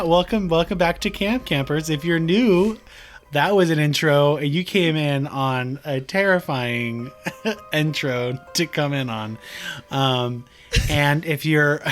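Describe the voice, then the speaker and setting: A man's voice: fairly high pitch, a bit bright. A young man co-hosting a podcast in casual, rambling, giggly banter. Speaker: podcast co-host. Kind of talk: casual chat.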